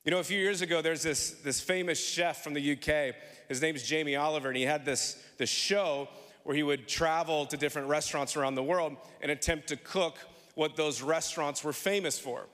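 Preaching a sermon in a church sanctuary, a man speaks a little fast in a high, bright voice that reverberates long through the hall. He tells humorous stories and calls on the congregation to answer him back.

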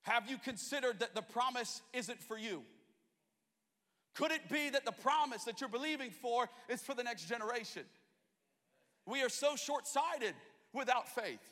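A man's voice: very high-pitched, lively intonation, normal speed, bright, forceful tone. A pastor from Australia with an American accent, preaching a sermon to his church and asking the congregation questions. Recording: long hall reverb.

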